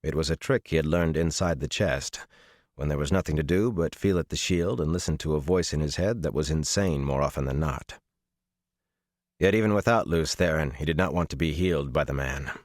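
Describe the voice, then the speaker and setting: A man narrating a fantasy audiobook in a measured, dramatic storytelling manner. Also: a bass voice, no echo, clean studio sound.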